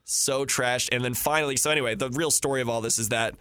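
A man's voice: mid-range voice, steady tone, fast, bright, forceful tone, smooth, no room sound, clean studio sound. A man in his thirties casually telling a rambling, profane story and laughing through it. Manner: rambling, swears freely, laughs through stories.

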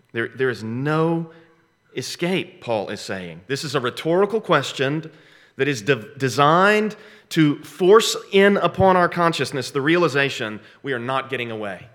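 Middle-aged male pastor, bright and forceful tone, emphatic sermon delivery with dramatic pauses. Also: mid-range voice, animated. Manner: emphatic preaching with dramatic slowdowns and repeated phrases.

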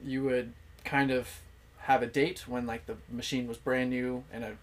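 A man's voice: mid-range voice, flat delivery, normal speed. A young man as a podcast guest, chatting casually, laughing easily and explaining things with lots of fillers. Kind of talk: casual chat.

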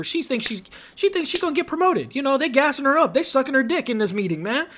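Animated high-voiced young man with slang. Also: quick pace, few pauses. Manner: animated storytelling with slang and profanity, big pitch swings. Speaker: podcast host. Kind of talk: casual podcast chat.

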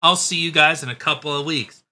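A man's voice: fairly high pitch, brisk, sharp tone. A man putting on a flippant, mocking voice as a smug male president running off on holiday.

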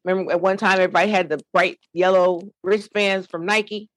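A middle-aged woman, the founder of a nonprofit, tells her own story to a panel in an animated, preacherly way. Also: lowish voice, a little fast, dry recording. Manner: animated, lively storyteller, preacherly call-and-response.

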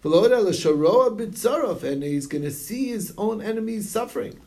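Animated man teaching a text. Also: sits high, normal speed. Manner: reads Hebrew and Aramaic text aloud then explains it in English, animated. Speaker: Talmud study teacher. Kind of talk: Talmud study class, reading and translating.

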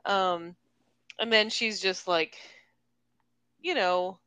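A woman talks casually about a novel, her pitch moving a lot as she acts out quoted lines in playful voices. The sound is dry and close, with no room around her. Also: expressive, moderate pace, fairly bright tone, no echo. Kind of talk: casual book discussion.

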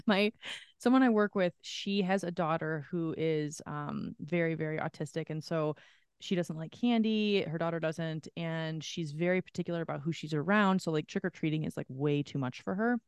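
A woman's voice: lowish voice, a little fast, clean tone, no room sound. Chatty woman podcaster, dry close sound. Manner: animated storyteller, heavy use of "like", acts out quotes. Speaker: podcast co-host. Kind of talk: casual chat.

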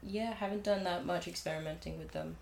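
A woman's voice: on the low side, steady tone, fairly quick, gravelly, darkish tone, a little hiss or hum. A young woman filmmaker in casual chat, talking freely, laughing easily and trailing off mid-thought. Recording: roomy echo.

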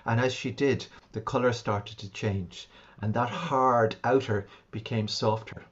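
A man, a homeopath and shamanic practitioner, calmly recounting a client's sessions in an interview. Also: mid-range voice, a little slow, lo-fi sound. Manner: calm, reflective, recounts sessions at length. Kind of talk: interview storytelling.

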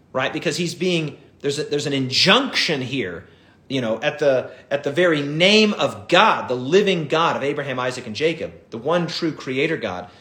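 A man's voice: mid-range voice, fairly bright tone. Guy doing a bible study, eager and earnest, reads then explains, kinda echoey room. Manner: earnest, enthusiastic, reads passages aloud then comments. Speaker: Bible teacher. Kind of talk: Bible study commentary, reading and explaining a book.

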